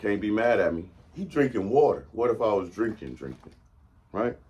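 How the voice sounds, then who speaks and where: A man's voice: on the low side, big pitch swings, normal speed, a little mellow, slightly rough, lo-fi sound. A man in his fifties hosting his own show, talking in a loose, rambling monologue and often tagging his points with a question. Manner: rambling, meandering, often asks "right?". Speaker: show host.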